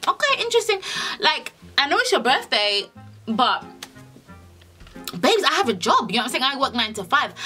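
Animated sassy young woman. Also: high-pitched. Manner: animated and sassy, heavy swearing, acts out dialogue. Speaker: vlogger. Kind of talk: storytime vlog.

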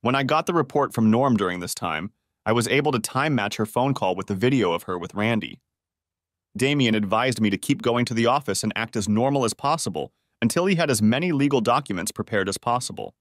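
A man reading a first-person story aloud in a steady, even narration. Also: mid-range voice, fairly quick, no echo, clean studio sound.

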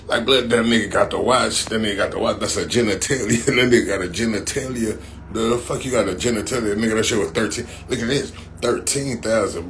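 A man talks on a casual livestream, with a voice that sits a bit on the low side. He rambles and roasts in loose, repetitive bursts, often breaking into laughter. A faint background hiss sits under his voice. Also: a bit bright. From Compton, California. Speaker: livestream host.

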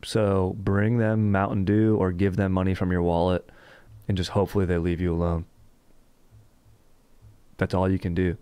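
A man's voice: low voice, darkish tone, smooth, no echo. A man hosting a comedy podcast, rambling and joking in laid-back skater slang. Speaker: podcast host.

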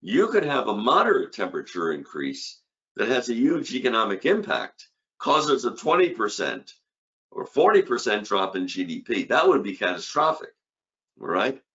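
Older man lecturing emphatically, lively pitch. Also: moderate pace, dull audio. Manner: emphatic, rhetorical questions, punchy repeated short phrases. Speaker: economics professor giving a conference talk. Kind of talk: academic lecture.

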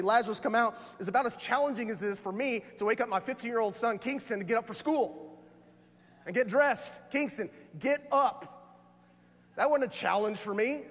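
Impassioned high-voiced preacher in a reverberant church. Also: male voice. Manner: impassioned preaching, rising to shouted lines. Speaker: pastor. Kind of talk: sermon. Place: church sanctuary. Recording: long church hall reverb.

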